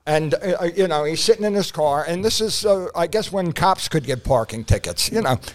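A man with a fairly high voice spins loose, rambling stories on a casual podcast. He stops and restarts often, and his talk is full of fillers. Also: lively intonation, brisk. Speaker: podcast co-host, prop comic. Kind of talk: casual storytelling chat.

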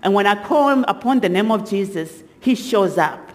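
Woman preacher in a reverberant hall. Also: medium pitch. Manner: storytelling, with halting restarts and animated acted quotes. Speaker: guest speaker. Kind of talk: sermon testimony.

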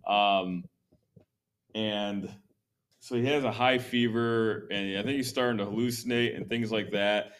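A man with a lowish voice walks through history at an easy, chatty pace. He fills gaps with ums and likes and keeps the tone loose and conversational. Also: steady tone, measured pace, a bit bright, smooth. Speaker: history podcast host. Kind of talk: casual history talk.

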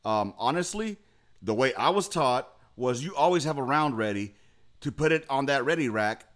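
A man's voice: medium pitch, animated, moderate pace, fairly bright tone. A young man co-hosting a casual podcast chat over a video call, talking in a blunt, emphatic and profane way. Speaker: podcast co-host.

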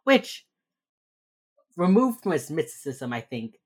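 A man's voice: medium pitch, a little slow, fairly bright tone. A man co-hosting a podcast, rambling through a casual recap of a TV episode with many fillers. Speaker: podcast co-host.

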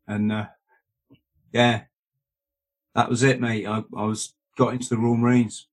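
A former Royal Marine, speaking as an interview guest, tells his story earnestly in a conversational way, often checking in with "right?" and "mate." His voice is medium-pitched with little pitch movement, and he speaks at a measured pace with long pauses.

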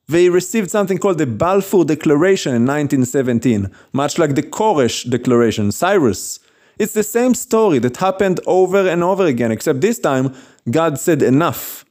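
A man delivering a stern sermon in a somewhat high voice. He scolds his listeners and slips in mocking asides. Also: darkish tone. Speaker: rabbi.

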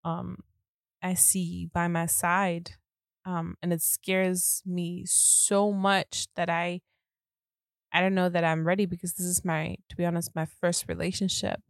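Woman, from Germany, podcast co-host, low-pitched, dry sound, animated, laughing. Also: unhurried, gravelly, no echo. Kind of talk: casual storytelling chat.

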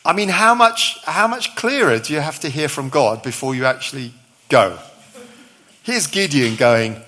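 A man's voice: fairly high pitch, lively intonation, normal speed, pushed and bright. A middle-aged male visiting preacher giving a sermon, telling a story with acted-out dialogue and touches of humour.

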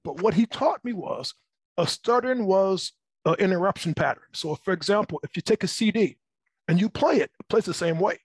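Husky middle-aged man telling stories. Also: high voice, fairly quick, no room sound, low-quality recording. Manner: animated, acts out voices in his stories. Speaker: interviewee. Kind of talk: personal storytelling.

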